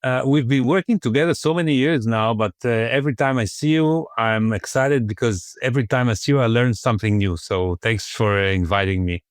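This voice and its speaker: A man's voice: medium pitch, fairly quick, hardly any pauses, clear, resonant tone, dry recording, clean studio sound. A man speaking as a guest on a podcast interview, thoughtful and conversational with frequent fillers.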